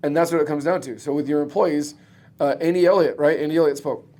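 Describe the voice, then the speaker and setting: A man's voice: a little high, fairly even intonation, fast talker, mellow. A man talking bluntly and emphatically in a casual podcast conversation, swearing freely as a guest. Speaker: guest, roofing business owner and coach.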